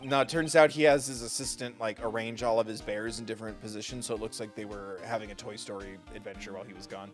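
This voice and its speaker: A man's voice: on the low side, fairly even intonation, fast talker, hardly any pauses, soft background music. A young adult man streaming a video game, joking casually and reading dialogue aloud. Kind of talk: casual gameplay commentary.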